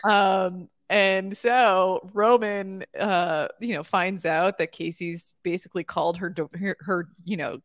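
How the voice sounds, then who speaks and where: A woman's voice: fairly low pitch, steady tone, slow pace, hardly any pauses, no echo, studio quality. A woman co-hosting a podcast in casual chat, agreeing readily and laughing a lot as she recaps episodes. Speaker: podcast co-host.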